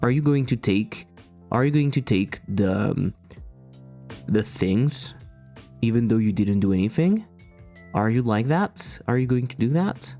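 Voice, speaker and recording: A man's voice: mid-range voice, animated, unhurried, long pauses, mellow, soft background music. A man streaming his game development, chatting casually and joking around with playful swearing. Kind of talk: casual livestream chat while coding.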